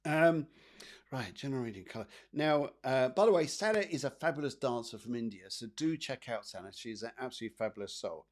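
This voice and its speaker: A man's voice: medium pitch, animated, a little fast. Chatty man giving psychic readings. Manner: chatty, rambling, repeats phrases, frequent fillers. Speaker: psychic medium host. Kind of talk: live card readings for viewers.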